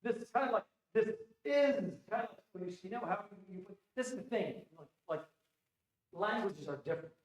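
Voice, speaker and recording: A male Arabic teacher with a high voice and lively intonation lectures at a normal speed. Recorded in an echoey classroom, he quizzes students and repeats phrases with many restarts.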